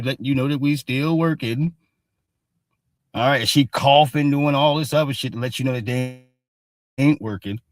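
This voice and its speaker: A man holds forth on the news in a blunt, profane, loose way, tagging almost every thought with a quick "all right?" His voice sits in an ordinary middle pitch and sounds close and dry, with no room around it. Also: dry recording. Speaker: show host. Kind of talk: casual news commentary stream.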